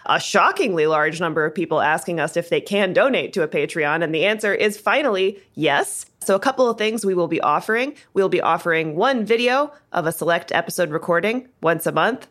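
A woman's voice: on the low side, animated, brisk, few pauses, fairly bright tone. A woman co-hosting a film podcast in casual chat, upbeat and chatty, and she laughs often. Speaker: podcast co-host.

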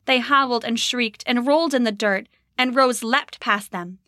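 A woman narrating a storybook in an expressive, measured way. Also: a little high, no room sound, clean studio sound. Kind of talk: storybook reading.

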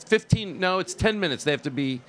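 A man's voice: high voice, expressive, fairly quick, fairly bright tone, a little hiss or hum. A man doing improv comedy banter, rambling and giggling as he restarts his sentences.

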